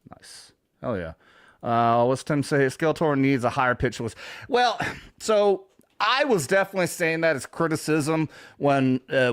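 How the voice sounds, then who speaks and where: A man's voice: mid-range voice, dry recording, clean studio sound. A man hosting a casual livestream, rambling and swearing freely, with many fillers and restarts. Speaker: show host.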